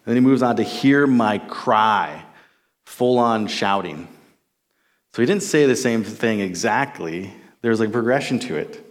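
A man's voice: on the low side, animated, moderate pace. A man in his forties from Minnesota, teaching on a psalm in a casual, enthusiastic sermon style with frequent restarts. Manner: enthusiastic, conversational, with many restarts. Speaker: Bible teacher.

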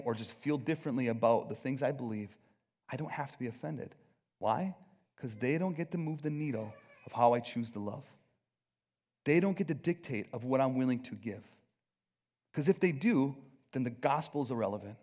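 A man's voice: mid-range voice, a little mellow. A man preaching a sermon in an earnest, conversational and self-deprecating way. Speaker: pastor.

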